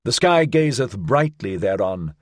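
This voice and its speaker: A man reading the lines of a solemn male prophet, measured and reflective in archaic speech. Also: lowish voice, big pitch swings, dry recording, studio quality. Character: solemn male prophet musing aloud, weary yet triumphant. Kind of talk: audiobook reading.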